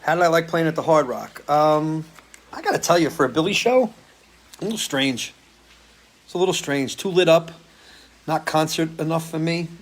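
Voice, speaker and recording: A man's voice: fairly high pitch, moderate pace, long pauses. A man hosting a live stream as a musician, chatting casually and answering viewer comments, loose and swearing freely. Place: home, living in Florida.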